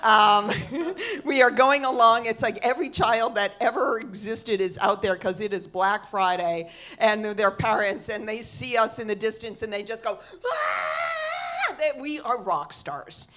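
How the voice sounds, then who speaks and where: A woman's voice: a little high, normal speed. A middle-aged woman telling a comic story on stage, acting out the people in it. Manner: animated, quotes others with big shifts. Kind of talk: live storytelling.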